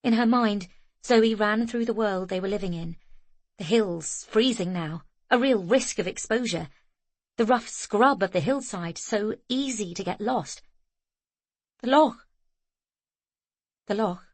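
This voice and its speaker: A woman narrating an audiobook in a steady, measured read, her voice in a middle register. The recording is close and dry, with no room sound. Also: medium pitch, no echo. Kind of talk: scripted narration.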